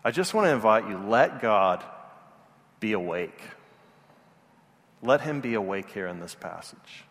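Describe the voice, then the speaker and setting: A man's voice: fairly low pitch, animated, measured pace, long pauses, a bit bright, big-room sound. A male pastor giving a sermon, telling stories in a self-deprecating, earnest way.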